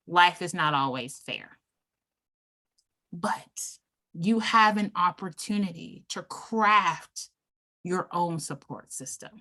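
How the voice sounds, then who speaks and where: A woman giving a motivational club speech, emphatic and deliberate, pausing between numbered points. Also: medium pitch, bright, forceful tone. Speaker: club speaker.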